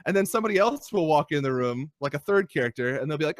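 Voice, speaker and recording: A man's voice: a little high, very fast, hardly any pauses, no room sound. Podcast co-host: young man, dry close sound, swears freely and rants with energy. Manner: animated, swearing, ranting critique. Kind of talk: casual podcast chat. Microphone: podcast microphone.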